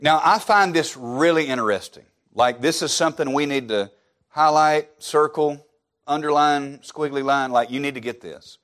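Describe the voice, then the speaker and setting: Emphatic, rather high-voiced male preacher. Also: normal speed, a bit bright. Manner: emphatic, with rhetorical questions and repetition. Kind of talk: sermon.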